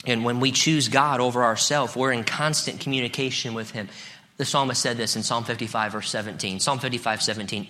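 A middle-aged pastor preaching an evening sermon, chatting with the congregation and reading psalms aloud with rising, emphatic peaks. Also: male voice, lowish voice, fairly even intonation, a little fast, pushed and bright.

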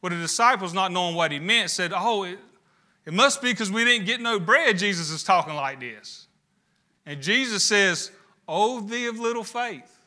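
A man's voice: sits high, expressive, moderate pace, sharp tone. A man preaching a sermon, building emphasis with rhetorical questions. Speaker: pastor.

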